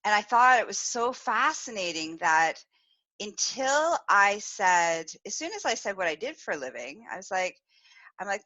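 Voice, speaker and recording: A woman podcast host telling a story in casual, animated talk, laughing often and using many fillers. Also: medium pitch, normal speed, dry recording, lo-fi sound. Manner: animated, giggly, lots of fillers. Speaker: podcast host, sexual wellness specialist.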